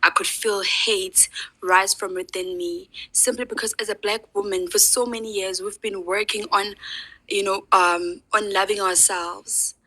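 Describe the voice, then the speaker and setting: Woman venting hard in an online voice chat, bright edgy tone, lots of rhetorical questions. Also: medium pitch, steady tone, unhurried, slightly rough, low-quality recording. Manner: angry, emphatic, rhetorical questions. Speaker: speaker in an online audio discussion. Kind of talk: impassioned personal testimony.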